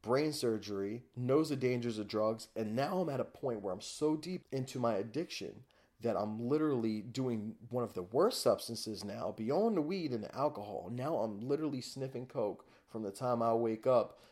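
A man's voice: mid-range voice, lively intonation, normal speed, a little mellow. A man, a podcast guest, telling his personal story in a candid, raw way, often swearing.

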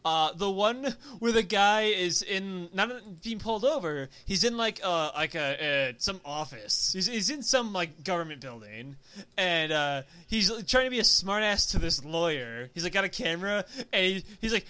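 Man, high bright voice, rambling profane storytelling, casual chat. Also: expressive, moderate pace, clean tone. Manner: rambling, profane, lots of filler 'like'.

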